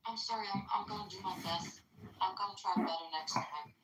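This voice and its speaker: A woman with a thick non-native European accent on a casual phone call, blunt and quick to exclaim. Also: mid-range voice, faint music behind. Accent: non-native English, European. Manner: excitable, blunt, exclaims often. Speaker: caller. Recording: echoey distant phone audio.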